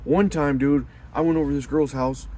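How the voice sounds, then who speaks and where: A young man hosting a men's community video, talking casually and bluntly, calling the listener dude, with loud emphatic bursts. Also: on the high side, steady tone, fairly quick. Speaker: host of a men's community channel. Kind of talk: casual unscripted monologue.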